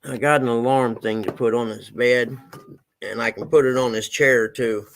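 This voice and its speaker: Folksy middle-aged guy, gravelly voice, winded, casual home stream. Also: medium pitch, steady tone, normal speed, a little hiss or hum, poor audio. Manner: folksy, talks to his pets and chat viewers. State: out of breath. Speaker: livestreamer. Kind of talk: casual livestream chat.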